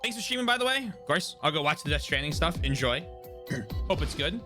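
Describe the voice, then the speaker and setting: A man's voice: on the high side, sing-song, brisk, over music. A man streaming a game playthrough, chatting casually with laughing asides. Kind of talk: casual let's-play commentary.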